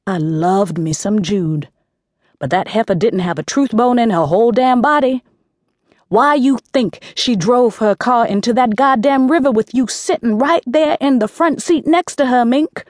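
A woman's voice: medium pitch, animated, takes it slowly, no room sound, studio quality. A woman voicing a tough, brash middle-aged aunt who barks bluntly and curses. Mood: scolding. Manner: barking, blunt, cursing.

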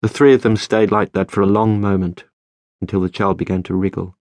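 A man narrating a novel as an audiobook, in a measured, steady storytelling manner. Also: low voice, no echo, studio quality. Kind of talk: scripted narration.

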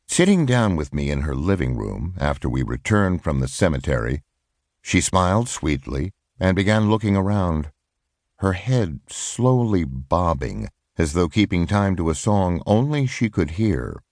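A man with a very low voice narrates an audiobook, and his pitch rises and falls expressively. His reading is measured and reflective, recorded close and dry in a studio. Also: darkish tone, dry recording. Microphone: close studio microphone.

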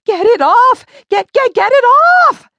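A woman's voice: sits high, huge pitch swings, slow pace, dark tone, husky, dry recording, pitched above the performer's own voice, exaggerated voice. Woman doing a frantic young twin girl. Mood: panicked. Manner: shrieking, frantic, blunt. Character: panicky twelve-year-old twin girl.

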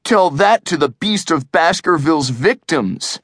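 A man's voice: high voice, big pitch swings, measured pace, a bit bright, dry recording, studio quality, voice pushed up, full character voice. A man voicing a scared, dramatic boy in an audiobook, in a pleading, anxious way. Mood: fretful. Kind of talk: audiobook character voice.

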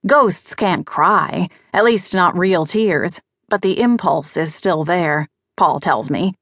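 A woman's voice: fairly low pitch, slow, fairly bright tone, dry recording, clean studio sound. A woman reading a mystery audiobook in first person, with a wry, conversational delivery. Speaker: audiobook narrator. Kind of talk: first-person scripted narration.

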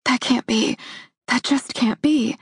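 A shaken young woman in grief, voiced by a woman narrator, pleading and stumbling over her words. The voice is husky and breathy. The recording is dry and close, with no room around it. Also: medium pitch, steady tone, a little slow, no echo, voice pushed up. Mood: shocked. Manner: pleading, stammering. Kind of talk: audiobook character voice.

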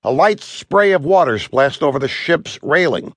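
A man narrating a children's adventure story with expressive, animated delivery and a fairly high voice that swings widely in pitch. The sound is close and dry, as from a studio booth. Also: normal speed, dry recording. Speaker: audiobook narrator.

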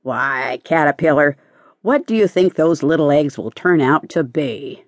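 A woman's voice: low-pitched, animated, unhurried, no echo. A woman voicing a cheerful, knowing male lark in a storybook audiobook, teasing and persistent.

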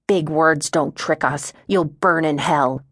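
A woman's voice: deep voice, takes it slowly, a bit bright, no echo, studio quality, full character voice. A woman voicing a crude, jeering young male heckler. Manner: jeering, taunting.

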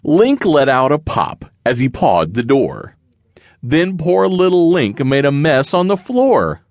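An audiobook narrator reads a rhyming children's picture book aloud in a sing-song manner. His voice is a little high and a little mellow, and he reads slowly, recorded cleanly in a studio with no echo.

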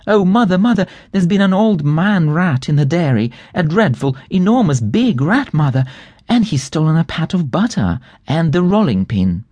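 A man voicing a scared, excitable little girl kitten in a storybook reading, rushing breathlessly through her words. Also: on the high side, husky, no echo. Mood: alarmed.

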